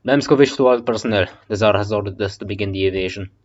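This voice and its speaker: A man's voice: lowish voice, quick pace, lightly acted. General, commanding, radio orders; a man puts him on, muffled lo-fi take. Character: male general giving invasion orders.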